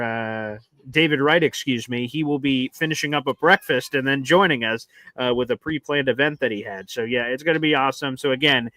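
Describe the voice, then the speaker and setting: A young man co-hosts a live sports talk stream at a middle pitch for a man. He talks briskly and promotionally, correcting himself mid-sentence. The recording is dry, with no room sound. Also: fairly bright tone, dry recording. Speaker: co-host. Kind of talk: casual sports talk show chat.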